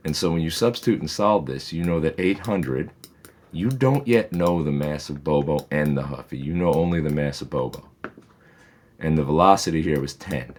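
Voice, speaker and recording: A man's voice: very deep voice, darkish tone. A man, a physics teacher, patiently and methodically walks through homework problems in a recorded lesson, with reassuring asides.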